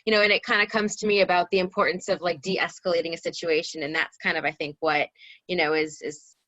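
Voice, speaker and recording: A woman's voice: fairly low pitch, little pitch movement, fast, fairly bright tone, no room sound, lo-fi sound. A woman, a guest on a panel discussion, speaking hesitantly and hedging with "kind of.". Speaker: podcast guest.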